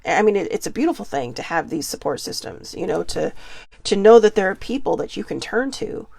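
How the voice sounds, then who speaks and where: Podcast host, forties, female, gravelly edge, earnest and rambling, dry booth sound. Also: medium pitch, big pitch swings, brisk, darkish tone, dry recording. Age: 40s. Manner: rambling and earnest, many fillers and restarts. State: getting emotional. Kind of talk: casual personal monologue.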